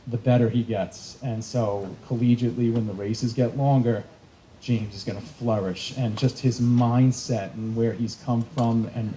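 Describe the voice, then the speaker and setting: Mellow-voiced man coach praising an athlete. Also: medium pitch, slight background noise, rough recording. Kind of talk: ceremony speech.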